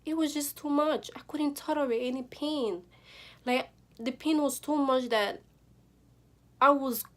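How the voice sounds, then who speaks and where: A young woman talks to her camera in a casual storytelling vlog, taking her time with each phrase. She slips into emotional retellings with lots of fillers, acting out her own pleas along the way. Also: on the high side. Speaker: vlogger.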